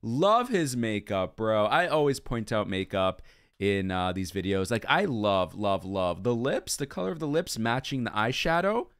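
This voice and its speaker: A man's voice: lowish voice, normal speed, smooth, no room sound, clean studio sound. A man hosting a music video reaction, talking casually and gushing about what he sees and hears. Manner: animated, gushing, hums along to the melody.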